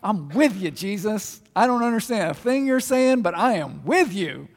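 A man playing a loyal but confused male disciple in a sermon, loud and earnest, with long hall reverb. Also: high-pitched, animated, moderate pace. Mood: eager.

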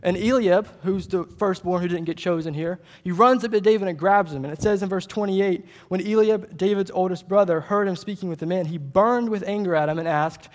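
A man with a fairly high voice delivers a sermon, retelling scripture with animated, casual paraphrase. His voice rings with a long reverb, as in a large hall. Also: a little fast, hardly any pauses. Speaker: preacher.

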